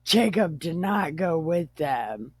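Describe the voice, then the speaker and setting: A woman's voice: deep voice, expressive, slow, husky, no room sound. A woman host retelling a Bible story casually, irreverent and profane, often joking.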